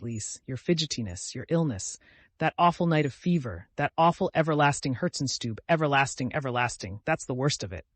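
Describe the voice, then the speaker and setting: Gushing, nervy middle-aged mother in an audiobook, voiced by a man, animated, dry close mic. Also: on the high side, no room sound. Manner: effusive and overwrought. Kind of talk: audiobook character reading.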